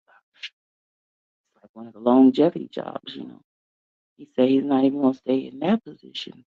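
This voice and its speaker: A woman's voice: rumbling low, vocal fry, no room sound. A woman, hosting a casual morning chat and talking emphatically to her listeners. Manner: chatty, emphatic, drawn-out stresses, calls listeners "y'all" and "baby". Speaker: host. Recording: dry, slightly dull sound.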